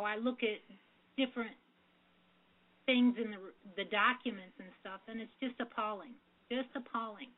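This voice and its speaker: A woman calling in to a radio interview, speaking in an upset, plain-spoken way and often trailing off, heard over a phone line. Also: on the high side. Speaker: guest caller.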